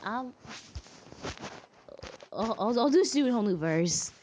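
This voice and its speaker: A woman's voice: on the high side, animated, slow, a little mellow, slight background noise. A young woman chatting casually while she plays a game, singing made-up songs and breaking into sudden frustrated squeals. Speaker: gaming vlogger.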